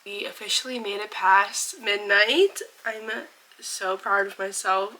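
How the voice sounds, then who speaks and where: A woman's voice: medium pitch, very animated, unhurried, bright, forceful tone, rough recording. A woman in her twenties talking casually in a reading vlog, chatty and gushing with many fillers. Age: 20s. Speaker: book vlogger.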